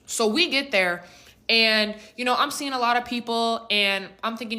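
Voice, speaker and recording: A woman's voice: a little high, normal speed, sharp tone. A woman in her twenties telling a dramatic personal story in a chatty, slangy vlog style. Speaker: vlogger.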